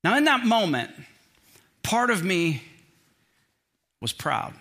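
A middle-aged man preaching from the pulpit in a bright, forceful voice that sits a little high. He tells his story in an animated way, pokes fun at himself and keeps the tone humorous. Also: slow. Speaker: pastor. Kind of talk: sermon with personal storytelling.

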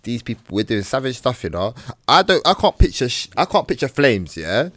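A podcast co-host chats casually, telling animated stories full of London slang and acted-out quotes in different voices. His mid-range voice moves a little fast, with no echo.

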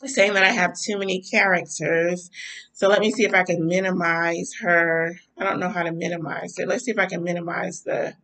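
A chatty woman hosting a casual podcast stream, her voice bright and forward. She sounds a little stuffy-nosed and talks loosely, with plenty of ums and a relaxed, familiar tone with her listeners. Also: fairly low pitch, fairly quick, creaky, rough recording. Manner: chatty, warm-spoken with frequent um and y'all. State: stuffy nose. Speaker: podcast host. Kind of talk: casual livestream chat.

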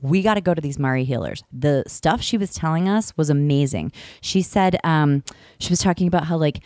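A woman with a low voice tells a long story to her co-host. She rambles and restarts, piling up fillers as she goes, and she is recorded close and dry. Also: a little fast, warm tone, dry recording. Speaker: podcast host. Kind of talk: casual chat. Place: in the UK, visiting family.

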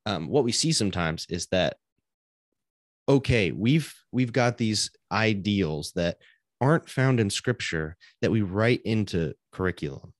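A man's voice: fairly low pitch, animated, a little slow, no room sound, studio quality. A man co-hosting a casual faith podcast, talking earnestly and thinking aloud with frequent restarts. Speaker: podcast co-host.

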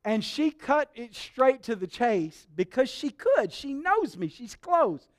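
Guy pastor preaching, kinda high voice, lively storyteller doing the voices. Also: slow. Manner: animated storytelling, acts out quoted voices. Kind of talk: sermon.

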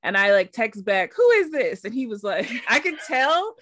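A woman's voice: on the high side, moderate pace, no echo, clean studio sound. A woman hosting a podcast in casual chat, telling stories with lots of laughter and acted-out quotes. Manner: animated storyteller, laughs often, acts out quotes. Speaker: podcast host.

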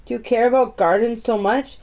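A woman voicing a weary, melancholy gentleman guardian who speaks in a distracted, absent-minded way. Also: on the high side, steady tone, brisk, natural voice. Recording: dull, muffled audio.

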